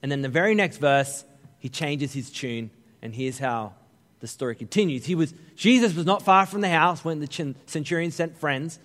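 A middle-aged Australian man preaching a sermon, telling funny stories with lively, joking asides to the congregation. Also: fairly high pitch, normal speed. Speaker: pastor. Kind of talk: humorous storytelling sermon. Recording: long reverb of a large hall.

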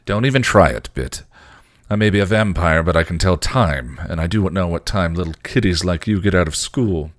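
A man voicing a dry, teasing, bookish vampire in a low gruff drawl while reading a story aloud. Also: animated, moderate pace, dry recording.

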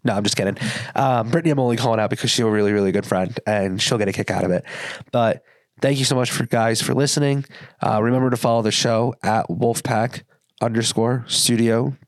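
A man's voice: mid-range voice, fairly quick. A young man hosting his own podcast, telling a story in a casual, earnest way and acting out what people said. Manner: earnest storytelling, acts out quoted dialogue. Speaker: podcast host. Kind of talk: casual solo podcast monologue.

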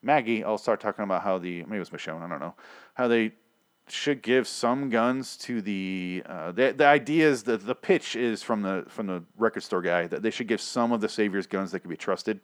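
A man's voice: on the low side, normal speed, dry recording. Sarcastic rambling man recapping a show. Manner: rambling, sarcastic, acts out scenes. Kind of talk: casual profane episode recap.

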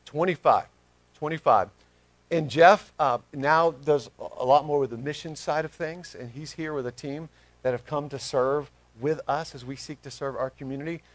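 A middle-aged male pastor preaching a sermon, swinging from loud emphatic calls to soft, tender words. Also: fairly high pitch, moderate pace, no echo, poor audio.

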